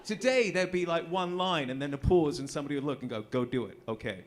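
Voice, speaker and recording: A man's voice: a little high, expressive, quick pace. An English man talking as a guest on a convention panel, telling casual anecdotes, chatty, laughing often and trailing into fillers. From England.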